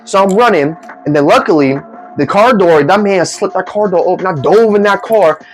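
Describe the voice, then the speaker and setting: A man telling a comic story in animated, slangy speech and acting out the people in it. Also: sits high, moderate pace. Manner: animated, slangy, acts out the voices. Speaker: vlogger.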